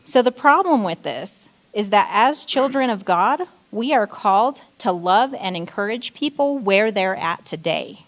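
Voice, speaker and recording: A woman's voice: mid-range voice, expressive, a little slow, hardly any pauses. A woman giving a short sermon in church, telling a story and acting out frustrated lines. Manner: storytelling, acting out quoted outbursts. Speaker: church speaker. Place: church stage.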